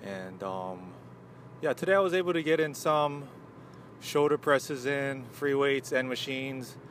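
Rambling podcast host, a little winded. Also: male voice, medium pitch, a little slow, slight background noise. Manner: loose and rambling, lots of fillers. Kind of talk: casual morning chat.

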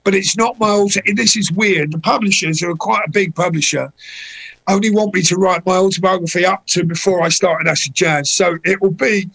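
A man's voice: sits high, brisk, gravelly, rough recording. A middle-aged man, telling anecdotes as a guest in a casual chat. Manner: anecdotal, animated when voicing people in stories.

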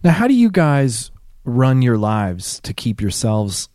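A man's voice: medium pitch, sing-song, takes it slowly, mellow, no room sound, clean studio sound. A man hosting a podcast, asking follow-up questions and giving short affirmations. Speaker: podcast host. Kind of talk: interview.

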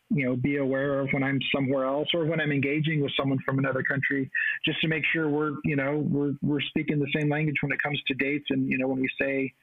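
A man's voice: mid-range voice, no echo. A man from the US-Mexico border in Texas, co-hosting a casual chat and speaking with many restarts and fillers. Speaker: co-host. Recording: tinny phone-like line.

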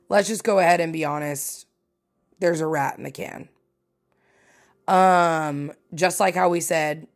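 A woman hosting a casual solo podcast, chatty and animated, swearing freely and poking fun at herself. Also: on the low side. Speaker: podcast host.

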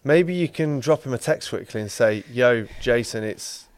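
A man's voice: mid-range voice, moderate pace, background noise. A man hosting a podcast, teasing and bantering in casual chat. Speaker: podcast host.

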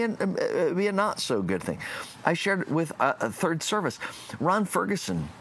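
A man who is a preacher, delivering a reflective sermon and slowing down on key phrases. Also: mid-range voice, slight background noise. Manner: lively, reflective delivery with slowed emphatic phrases.

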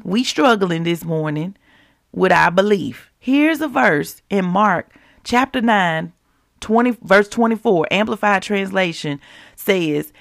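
A woman teaching scripture on a devotional podcast, talking casually and directly to listeners and slowly repeating verses for emphasis. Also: medium pitch, vocal fry, no echo, studio quality. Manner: conversational, preachy, keeps it real with listeners. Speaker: podcast preacher.

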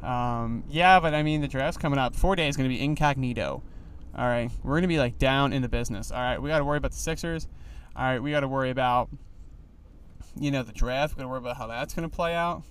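A young man hosting a solo podcast while driving, rambling in a loose, animated way with lots of fillers. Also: medium pitch, fast, a little hiss or hum. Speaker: podcast host. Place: inside a car.

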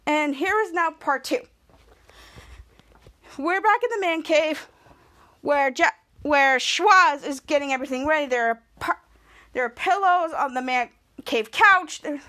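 Brief: podcast host, woman with a very high voice, casual recap, run-on rambling delivery. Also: bright, forceful tone. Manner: rambling run-on retelling, many "and"s.

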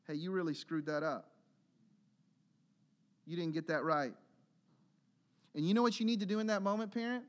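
In a church, a male pastor with a fairly high voice preaches a sermon, speaking earnestly and building up to emphatic, urgent exhortation.

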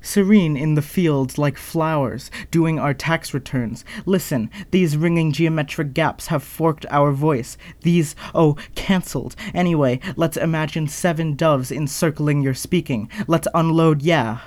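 A man with a fairly high voice reads experimental spoken-word poetry, jumping between images and cutting himself off with quick asides. The sound is close and dry, with no room around it. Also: darkish tone, no room sound. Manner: fragmented, associative delivery with abrupt asides and apologies.

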